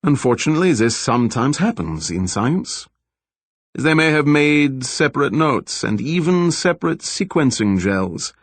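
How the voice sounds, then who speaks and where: A man voicing a calm, lecturing laboratory scientist with a slight foreign accent, explaining things patiently in an audiobook. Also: medium pitch, dry recording, voice pushed up. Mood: explanatory. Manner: measured, explanatory, politely evasive. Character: middle-aged male lab director, soft-spoken, lecturing, with a slight foreign accent.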